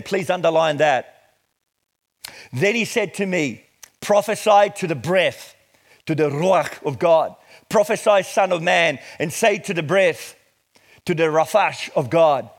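A middle-aged man preaching a sermon, reading scripture slowly and with emphasis before explaining it. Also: a little high, lively intonation. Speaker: pastor.

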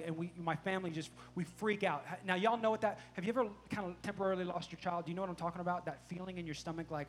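A middle-aged pastor, preaching a sermon, telling a family story and shifting between hushed and loud delivery. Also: male voice, sits high, steady tone, fast, a little hiss or hum.

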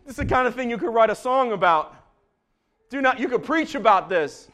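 A man preaching a sermon as pastor in a church, swinging from hushed tones to shouting. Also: high voice, sing-song, fairly quick. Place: church sanctuary.

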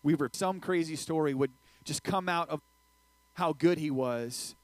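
An energetic male preacher with a slightly high voice, joking and talking straight to his young crowd. The sound is dry, with little room echo. He delivers a loose, casual sermon. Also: a little slow. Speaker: youth pastor.

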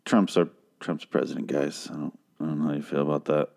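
A man's voice: a bass voice, little pitch movement, fairly quick, vocal fry, darkish tone. A man hosting a podcast, talking in a casual, rambling way full of swearing and filler words. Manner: profane, rambling, with frequent fillers. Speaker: podcast host reviewing a TV series.

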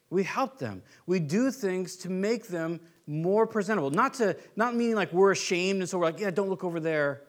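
A man preaching a sermon in a conversational way, acting out little everyday scenes with quick playful voices. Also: high-pitched. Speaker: pastor. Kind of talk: sermon teaching.

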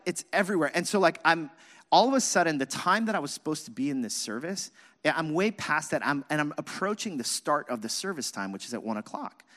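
A male pastor preaching, bright and forceful, with his voice a little high for a man. He tells a self-mocking story in an animated way, and the long reverb of a large hall follows his words. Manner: animated, self-mocking, acts out his own past shouting. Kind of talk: sermon with personal storytelling.

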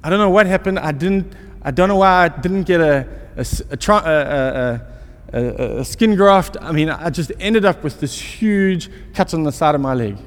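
A pastor with a fairly high voice preaches a sermon, blending self-deprecating stories with rhetorical questions. A long reverb trails his words as though he's in a large hall, and he talks at normal speed with barely any pauses.

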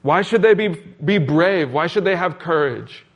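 A man's voice: fairly high pitch, expressive, measured pace, few pauses. A man preaching a sermon in an earnest, repetitive cadence, asking questions as he goes. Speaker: pastor.

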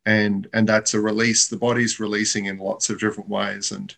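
A man's voice: on the low side, level tone, fairly quick, vocal fry, fairly bright tone. A man in reflective casual conversation, talking in a thoughtful, musing way.

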